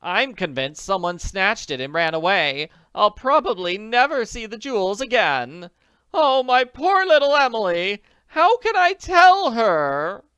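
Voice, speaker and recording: Man playing Mrs. Willoughby: hysterical older lady, high and shrill, loud, dry read. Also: very animated, a little slow, clean tone, no room sound, heavily acted. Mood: frantic. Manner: shrill, frantic, screaming. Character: excitable, foolish older woman, hysterical guardian.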